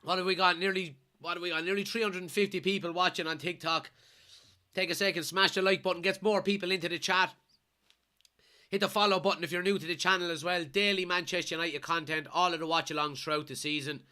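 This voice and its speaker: Irish man, congested, live match watchalong host, sharp forceful tone, pitched a bit high, shouts at the ref. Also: smooth. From Kilkenny, Ireland. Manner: excitable, shouts at players and referee. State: blocked nose from a cold. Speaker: watchalong streamer. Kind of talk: live match commentary and chat reading.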